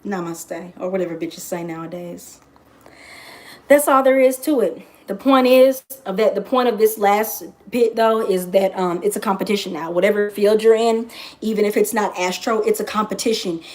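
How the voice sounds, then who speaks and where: A woman's voice: medium pitch, moderate pace, a little mellow. A woman astrologer talking in a casual vlog monologue, brash and profane, and she repeats phrases for emphasis.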